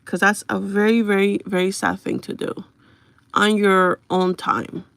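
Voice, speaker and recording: Young woman with a vocal-fry rasp. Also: mid-range voice, level tone, measured pace, a bit bright, no echo. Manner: chatty, confiding, blunt with trolls. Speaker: livestreamer. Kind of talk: casual livestream chat with viewers.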